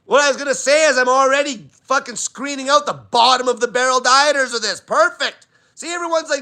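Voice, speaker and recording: A man's voice: extremely high pitch, a little fast, bright, forceful tone. A man hosting a live diet Q&A, talking bluntly and swearing constantly in an emphatic rant. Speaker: diet channel host.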